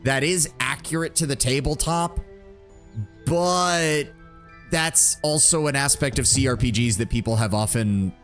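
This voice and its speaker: A man's voice: medium pitch, unhurried, fairly bright tone. A man giving casual, rambling commentary while playing a game and thinking aloud. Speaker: streamer. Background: game music.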